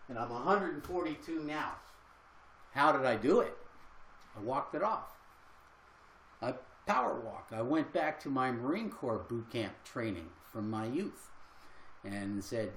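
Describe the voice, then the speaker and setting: Older male health coach, chatty and earnest, mid pitch, roomy sound. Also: lively intonation, a little slow, fairly bright tone, slight background noise. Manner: earnest, conversational, rambling with fillers. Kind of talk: casual livestream talk.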